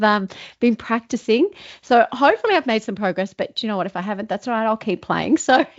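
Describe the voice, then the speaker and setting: A woman's voice: mid-range voice, highs cut off. A woman hosting a casual chat over a video call, bubbly and laughing often. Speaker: podcast host.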